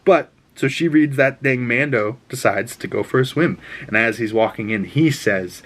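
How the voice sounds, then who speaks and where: A young man talks through an episode recap in a loose, unscripted way, full of fillers and restarts. His voice sits at an ordinary middle pitch, and he swears freely and lets his excitement show. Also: moderate pace, hardly any pauses. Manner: rambling, swears freely, gets openly excited.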